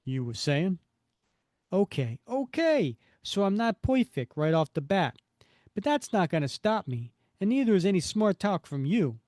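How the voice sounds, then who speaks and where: A boastful young costumed hero with a New York accent, as a man reads him out loud from a comic. The voice rides a little high and pushes hard with bravado. The sound is close and dry. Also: very animated, measured pace, no room sound. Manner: cocky, boastful. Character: brash young male costumed hero, cocky.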